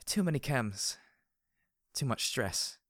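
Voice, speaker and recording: A man's voice: medium pitch, big pitch swings, slow, fairly bright tone, no echo, clean studio sound, voice pushed up. A man voicing a worn-out, strained pony hero in an audiobook. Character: frazzled, weary pony wanderer, the hero. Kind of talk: audiobook character voice.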